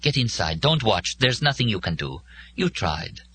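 A man voicing a caring young woman who is gentle but firm, soothing and urging in turn, for an audiobook. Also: lowish voice, very animated, moderate pace, a little hiss or hum. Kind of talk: audiobook character voice.

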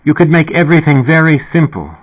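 A man's voice: fairly high pitch, big pitch swings, brisk, slightly rough, pitched above the performer's own voice. A man reading the lines of a young boy who asks searching questions in a wondering tone. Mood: earnest. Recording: narrow, phone-like sound.

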